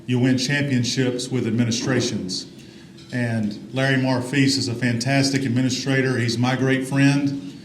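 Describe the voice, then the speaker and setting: A man's voice: medium pitch, steady tone, normal speed, slight background noise. A middle-aged man from Alabama, giving a folksy, upbeat ceremony speech as athletics director. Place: large reverberant banquet hall. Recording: roomy hall with faint ambience.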